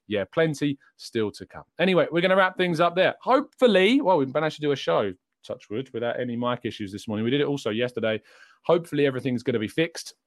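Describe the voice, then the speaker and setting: A man's voice: mid-range voice, dry recording, clean studio sound. A young English man hosting a casual live show, chatting and answering questions from the chat. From England. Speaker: host.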